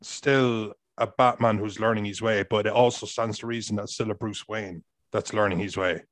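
Jokey guy getting worked up about movies, jumps in fast, dry recording. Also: on the low side, dry recording. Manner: excitable, jokey, jumps in quickly. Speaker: podcast co-host. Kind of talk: casual movie discussion.

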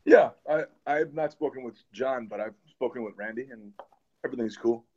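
A man's voice: mid-range voice, brisk, muffled recording, noisy background. A man guesting on a podcast, speaking candidly and reflectively in casual conversation. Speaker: podcast guest, former wrestler.

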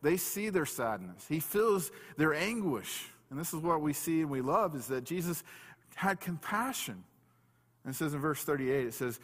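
A man's voice: fairly high pitch, expressive, fairly bright tone. Man preaching in a reverberant hall. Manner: conversational preaching with restarts, reads scripture aloud slowly. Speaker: pastor. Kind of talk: sermon.

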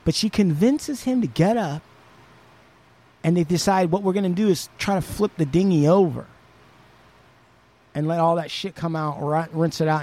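A man hosting a podcast, retelling a story in a casual, profane, animated way. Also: high-pitched. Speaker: podcast host.

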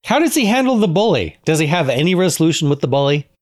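With a fairly high, sing-song voice, this podcast co-host talks fast. He keeps the casual conversation playful, throwing out jokes and ideas as he goes.

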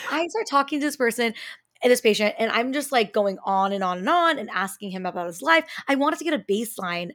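A woman co-hosting a podcast who tells a story in a quick, animated way, acting out quotes and using plenty of fillers. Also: on the high side, no echo, clean studio sound. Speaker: podcast co-host and speech therapy grad student.

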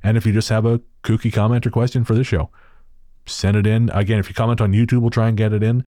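A man's voice: lowish voice, flat delivery, fast talker, mellow, dry recording, studio quality. A man hosting a podcast, chatting casually with sarcastic, profane jokes and frequent laughter. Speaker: podcast host.

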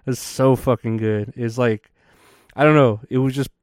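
A male podcast host rambles through a casual monologue, swearing freely and leaning on fillers. His voice is smooth and clear. The sound is dry and close. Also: medium pitch, steady tone, normal speed, a little mellow, dry recording. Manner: profane, rambling, with many fillers.

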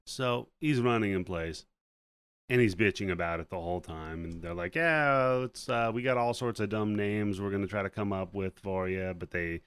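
Low-voiced man recapping a film. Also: moderate pace, clear, resonant tone, dry recording. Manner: profane, animated retelling with acted-out quotes. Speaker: podcast co-host. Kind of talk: casual chat recapping a movie.

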